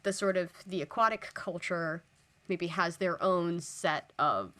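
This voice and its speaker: A woman's voice: fairly low pitch, a little slow, bright, forceful tone. A woman co-hosting a tabletop gaming podcast, chatting casually and eagerly about building a fantasy setting, with plenty of fillers. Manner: enthusiastic, self-described nerdy, many fillers. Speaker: podcast co-host. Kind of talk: casual worldbuilding chat.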